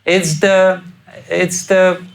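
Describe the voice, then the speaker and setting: Very slowly and in a level tone, a man with a high, creaky voice and a Russian accent lectures on scripture in a lecture hall. As a spiritual teacher, he often chuckles and asks rhetorical questions, acting out quoted voices with abrupt loud outbursts. The audio is poor.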